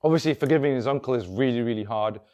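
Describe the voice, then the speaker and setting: A man tells a story in a casual, rambling manner. He circles back on himself and leans on "he's like" to carry the events along. His voice sits at an ordinary middle pitch. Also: fast, darkish tone. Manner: rambling, full of "he's like" and restarts. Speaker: workshop speaker.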